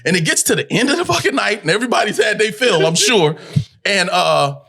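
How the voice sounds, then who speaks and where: A man's voice: sits high, sing-song, brisk, gravelly, sharp tone, breathy edge. A man in his forties from California, a guest actor telling a profane story on a podcast and acting out every character in it. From California, USA.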